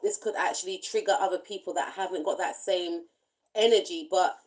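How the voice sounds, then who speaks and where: A woman giving a spiritual tarot card reading, speaking in gentle, reflective, loosely repeating phrases. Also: on the low side, a little fast, low-quality recording. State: briefly emotional. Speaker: tarot reader.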